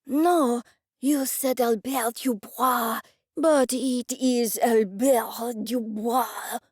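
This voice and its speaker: A woman's voice: fairly high pitch, steady tone, very slow, a little mellow, no room sound, clean studio sound. A woman voicing a short, flustered male chef with a thick put-on French accent.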